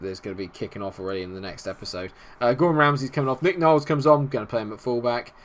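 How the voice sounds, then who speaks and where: A young man casually commenting on his football management game, getting excitable and shouting at big moments. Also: mid-range voice, rapid-fire. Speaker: gaming YouTuber.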